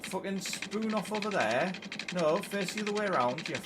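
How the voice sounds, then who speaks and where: A man's voice: sits high, animated, normal speed, heavy background noise. A man with a Geordie accent giving live commentary as he plays a city-building game, swearing constantly and sounding exasperated. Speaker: game streamer.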